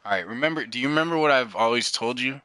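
Dad playing a game with his kid, swoopy lively voice, playful nagging, goes real quiet at the ends. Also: mid-range voice, fast, dry recording. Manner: teasing, playful lecturing, often trailing off to a soft murmur. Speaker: dad gaming with his son. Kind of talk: casual chat while playing a video game.

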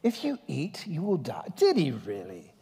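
A preacher putting on a sly English-accented devil. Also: male voice, a little high, huge pitch swings, measured pace, vocal fry, dark tone, in a large hall, heavily acted. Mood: insinuating. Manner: insinuating, doubting questions. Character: sly smooth-talking male devil tempter.

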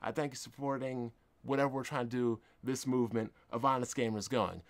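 A man hosting a podcast, delivering a confrontational, indignant monologue with emphatic swings in loudness. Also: mid-range voice, steady tone, fairly quick. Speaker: podcast host. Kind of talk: ranting monologue.

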